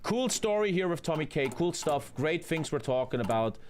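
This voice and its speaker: A man's voice: very animated, normal speed, a little hiss or hum. A man, commenting live on his own strategy game and swearing a lot. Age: 30s. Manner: swears a lot, jumps into loud high yelps. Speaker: streamer.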